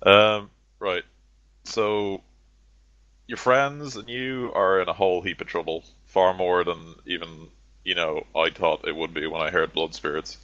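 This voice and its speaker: Man doing a laconic shady broker, deep low voice, bright edge, dull dry lo-fi sound. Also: level tone, measured pace, dry recording. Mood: matter-of-fact. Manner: laconic, matter-of-fact, calls others kid. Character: shady male information broker, cool smoker.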